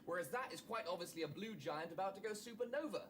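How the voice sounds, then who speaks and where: A prim, fussy android. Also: male voice, high voice, animated, fast talker, very noisy. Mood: lecturing. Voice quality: precise, formal. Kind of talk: 1980s TV sitcom acting. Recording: sitcom audio with studio audience laughter.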